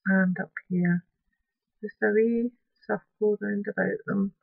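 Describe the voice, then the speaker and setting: A woman's voice: mid-range voice, steady tone, slow pace, creaky, no echo, phone-quality sound. A woman narrating a crafting tutorial, chatting along and muttering to her materials as she works.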